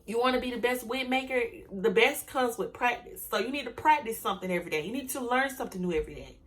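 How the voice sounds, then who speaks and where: A young adult woman vlogger giving a motivational talk to camera about her hair business, emphatic and direct, slowly repeating affirmations and ending points with "okay?". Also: fairly high pitch, expressive.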